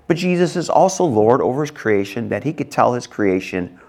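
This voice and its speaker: A middle-aged man preaching a sermon in an expressive way, acting out voices in sudden loud, high bursts. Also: moderate pace. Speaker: pastor.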